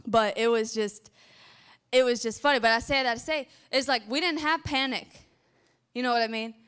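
Young woman preacher, high clear voice, animated storyteller. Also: normal speed. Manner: animated, acts out frantic praying and stories. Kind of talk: sermon.

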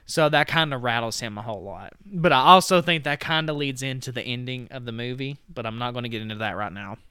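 Fast, bright, and forceful, a medium-pitched male voice rambles through a casual movie recap on a podcast he co-hosts, heavy on "like" and "you know." The tone is clear and resonant, and the recording is dry with clean studio sound.

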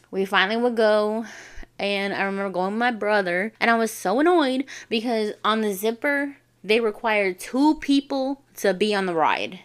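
A woman from the Navajo Nation, hosting a vlog and telling funny personal stories in a lively, slangy way. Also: mid-range voice, moderate pace. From Navajo Nation, US Southwest. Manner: animated, slangy, acts out quotes. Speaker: vlogger host. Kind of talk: casual comedic storytelling.

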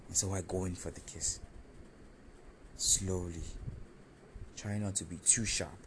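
A man with a low voice recounts a personal story in the first person. He talks in an animated, confessional way and pokes fun at himself. Room ambience sits clearly behind him. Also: measured pace, pauses often, background noise. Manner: animated, confessional, self-mocking.

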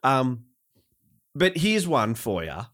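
Lively man telling stories. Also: mid-range voice, slow pace. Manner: animated storyteller, acts out voices, laughs. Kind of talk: casual chat.

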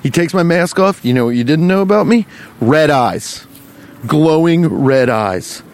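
A man hosting a comedy podcast, rambling through an improvised, profane, deadpan bit while walking along a street. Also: on the high side, measured pace. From Cincinnati, US. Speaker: podcast host. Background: faint traffic.

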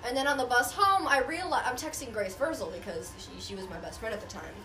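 A woman's voice: on the high side, quick pace, bright, forceful tone, a little hiss or hum. A teenage girl telling a candid story in casual chat, swearing freely and filling with likes. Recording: roomy sound with music behind. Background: music.

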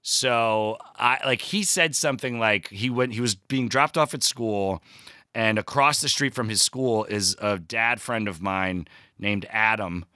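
Man, forties, bright forceful voice, dry close sound, casual joking chat, swears a lot. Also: lowish voice, unhurried, no room sound. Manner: swears freely, self-deprecating and jokey. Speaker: podcast guest, comedic actor.

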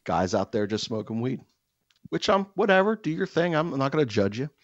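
A man telling a self-mocking comic story in casual chat, animated and swearing freely. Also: medium pitch, brisk, no room sound, highs cut off.

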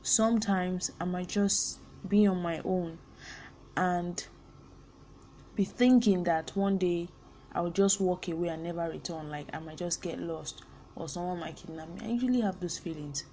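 A woman's voice: fairly low pitch, normal speed, warm tone, slight background noise. A young Nigerian woman hosting a personal podcast, speaking candidly and earnestly and slipping in pidgin phrases. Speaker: podcast host.

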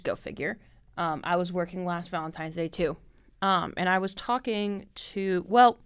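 A woman's voice: lowish voice, fairly bright tone, clear, resonant tone, dry recording, studio quality. A young woman in her twenties hosting a casual solo podcast, chatty and candid, full of "like" and "um", swearing freely. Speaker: podcast host.

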